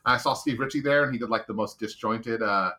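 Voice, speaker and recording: A man's voice: mid-range voice, brisk, pushed and bright. A man hosting a casual podcast chat, giving blunt, profane, rambling opinions. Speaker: podcast host.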